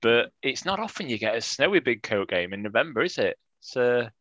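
A man's voice: mid-range voice, sing-song, fairly quick, a bit bright, dull audio. A man co-hosting a football fan podcast, chatting casually with wry, teasing banter and frequent restarts. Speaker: podcast co-host.

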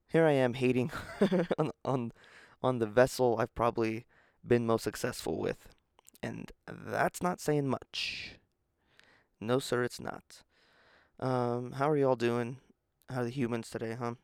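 A man's voice: medium pitch, gravelly, clear, resonant tone, no echo, clean studio sound. A man hosting his own podcast alone, rambling casually and mocking himself with plenty of swearing, sounding tired early in the morning. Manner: rambling, self-deprecating, profane. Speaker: podcast host.

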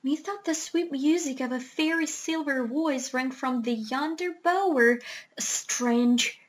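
A woman's voice: high voice, slow pace. A woman reading aloud, voicing a dreamy young prince who speaks in a theatrical way.

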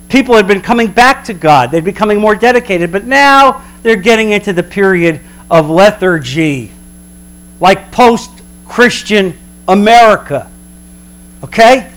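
A man preaching a sermon as a pastor, emphatic, slowing down for dramatic weight. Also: sits high, fairly bright tone.

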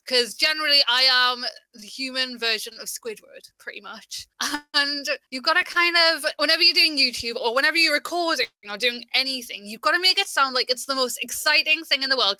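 Bright high-voiced Geordie woman, chatty. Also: dry recording. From Newcastle, England. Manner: chatty, lots of "like", lively and expressive. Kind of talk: casual chat.

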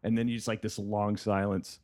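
A man's voice: lowish voice, flat delivery, normal speed, a little mellow. A man, a comedian and podcast host, telling a gig story in casual chat, profane and laughing often.

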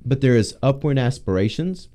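A man leading a casual Bible discussion as pastor, teaching with animated emphasis. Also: medium pitch, moderate pace.

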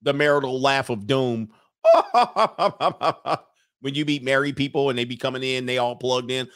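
A man's voice: mid-range voice, level tone, fast, a bit bright, clear, resonant tone, dry recording. A man doing comedic reaction commentary, sarcastic and laughing often.

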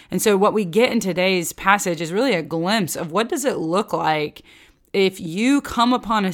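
A woman giving a casual Bible teaching for a podcast. She talks in a chatty way, fills her speech with "like", and acts out voices when she quotes. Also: lowish voice. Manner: chatty, with many filler "like"s.

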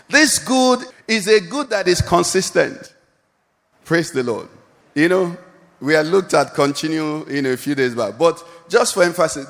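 A man's voice: high-pitched, long reverb tail. A male pastor preaching a sermon and calling out questions for the congregation to answer. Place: church hall.

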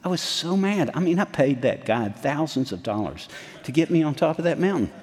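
Man, 60s, pastor, folksy sermon storytelling, lively pitch, reverberant church hall. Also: a little fast, a little hiss or hum. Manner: folksy, animated storytelling with restarts. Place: church sanctuary.

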